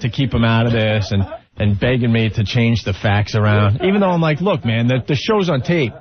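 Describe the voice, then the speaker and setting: A man's voice: mid-range voice, brisk. Man ranting on lo-fi radio. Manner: worked-up ranting. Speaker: radio host. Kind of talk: casual radio banter. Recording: muffled lo-fi radio broadcast.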